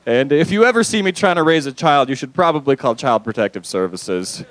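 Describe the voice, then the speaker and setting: A man's voice: mid-range voice, animated, a little fast, no room sound, poor audio. Rambling young man doing stand-up. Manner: loose, rambling delivery with frequent fillers and crude asides. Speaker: stand-up comedian. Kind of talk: stand-up comedy set. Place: comedy club stage.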